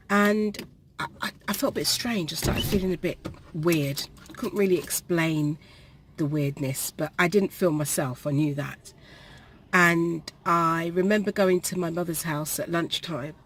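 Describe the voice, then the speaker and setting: A woman, telling a personal story to the camera in a halting way, with pauses and restarts, while perspiring. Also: fairly low pitch. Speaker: vlogger. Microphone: camera facing her.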